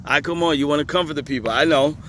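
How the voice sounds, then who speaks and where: Man, outdoor commentary, reads questions aloud, laughs often, slightly higher voice, faint street noise. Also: fast talker, fairly bright tone. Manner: laughing, emphatic, talks back to the page. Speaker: religious commentator. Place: outdoors on a hot day, traffic nearby.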